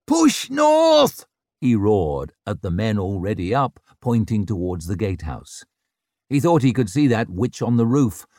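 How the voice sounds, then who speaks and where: A man narrating a fantasy novel as an audiobook, telling it in an expressive, dramatic way. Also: on the low side, no room sound, clean studio sound.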